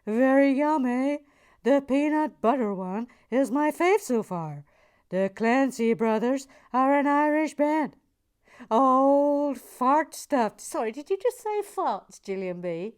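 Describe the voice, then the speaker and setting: Slow, soft-spoken woman, chatty. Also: high voice, animated, clear, resonant tone. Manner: soft-spoken and chatty, often dropping to a near whisper; playful, gently silly asides. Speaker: host of a relaxing build channel. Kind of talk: slow, relaxed build commentary reading out viewer comments.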